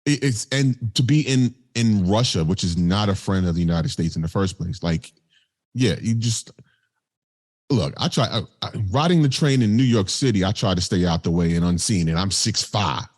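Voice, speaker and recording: A man's voice: fairly low pitch, expressive, normal speed, darkish tone. A man co-hosting a podcast in casual chat, laid-back and slangy with jokes. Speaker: podcast co-host.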